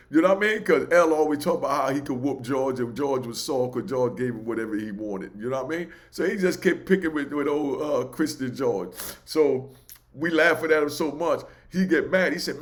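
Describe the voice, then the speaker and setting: Animated storyteller. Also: male voice, mid-range voice, fairly quick. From New York. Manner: animated, loose, keeps asking "you know what I mean". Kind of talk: casual oral storytelling.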